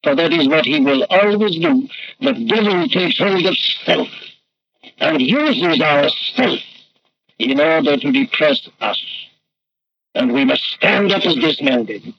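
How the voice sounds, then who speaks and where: A man's voice: on the high side, animated, takes it slowly, gravelly, pauses often. A man preaching a sermon in an emphatic, rhetorical way, his voice swelling and dropping. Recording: dull lo-fi archival recording with faint noise.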